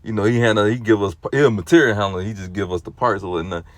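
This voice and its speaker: A man's voice: fast, no room sound. Rambling man, dry close sound. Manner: rambling, heavy on fillers like "you know" and "or whatnot"; starts low and subdued, then grows loud and animated. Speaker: lay religious teacher. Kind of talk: casual spoken exhortation.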